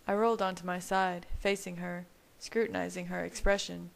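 A woman reading a first-person romance story aloud in a steady, intimate manner. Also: fairly low pitch, normal speed, creaky, hardly any pauses, low-quality recording. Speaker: fan fiction reader. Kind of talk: audiobook narration.

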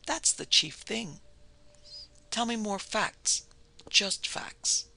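A narrator voicing a calm, quiet doctor. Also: male voice, high-pitched, gravelly, voice pushed up, full character voice. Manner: quiet, gentle and measured. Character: calm, earnest gentleman doctor.

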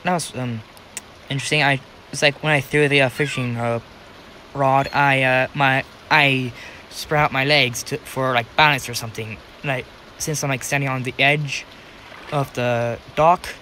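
With a medium-pitched, fairly even voice at a moderate pace, pushed and bright, this young American gaming channel host from the United States is heard on a low-quality recording with slight hiss or hum. He rambles casually over a farming game, muttering to himself with many restarts.

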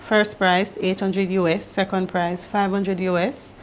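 A woman's voice: medium pitch, flat delivery, slight background noise. A woman moderating an online presentation, reading out viewer questions and contact numbers in a businesslike way. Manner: businesslike, reads numbers slowly and carefully.

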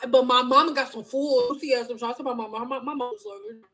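A woman in her thirties talks straight to her viewers in a high, bright-pitched voice. Her chat is loose, frank and full of jokes and profanity. She acts out the people in her stories with lively quoted voices. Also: fast talker. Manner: animated storytelling with acted quotes. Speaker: vlogger. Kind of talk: casual chat.

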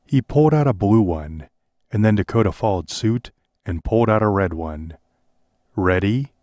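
A man narrating a parody audiobook in a deadpan reading style. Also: fairly low pitch, normal speed, no echo, studio quality.

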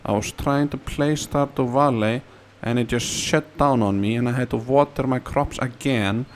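A let's-play gamer talks casually and ramblingly over his game, playful and prone to sing-song repetition. His voice is medium in pitch and normal in speed, with a faint hiss or hum underneath.

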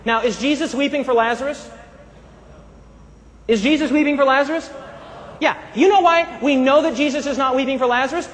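A man's voice: very high-pitched, fairly quick, long pauses, a bit bright. A man preaching a sermon who keeps calling out to his congregation for answers and amens. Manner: calls out to the congregation for responses. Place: church hall. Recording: long reverb of a large hall.

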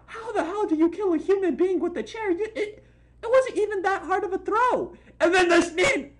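A woman hosting a comedic reaction video, loud and incredulous, swearing and exclaiming, dropping to a low voice and jumping back high for the jokes. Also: sing-song, moderate pace. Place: at home. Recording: noisy home recording.

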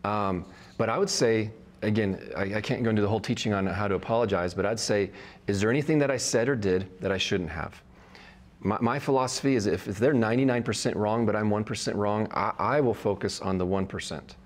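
Man with a lowish voice, bible teacher, conversational, frank, practical. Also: brisk. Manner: relaxed, frank, practical advice. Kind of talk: conversational teaching, answering viewer questions.

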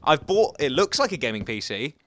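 Excitable rambling young man gaming. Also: medium pitch, brisk. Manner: rambling and excitable, talks to the game animals. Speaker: gaming YouTuber. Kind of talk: chatty gameplay commentary.

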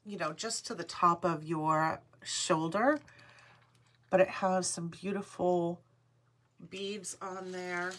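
A middle-aged woman with a Rhode Island accent hosts a live online sale in an unhurried, deliberate way. She greets viewers one by one and reads out each item number twice, with a voice pitched in the middle for a woman. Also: fairly bright tone. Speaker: host of a live jewelry sale. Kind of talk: live-stream sales chat.

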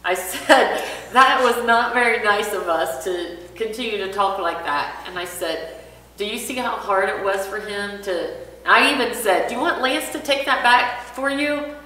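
Woman, bright tone, animated storytelling, acts out dialogue, far from mic, echoey church room. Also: medium pitch, unhurried. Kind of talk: casual personal story. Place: church classroom.

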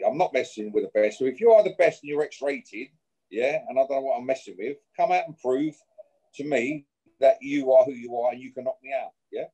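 A man's voice: mid-range voice, fairly quick, mellow, slightly rough, low-quality recording. A man being interviewed, confrontationally challenging a rival and ending his points with "yeah?". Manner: confrontational, repeats "yeah?" after each point. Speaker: boxer issuing a challenge. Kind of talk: interview, trash talk.

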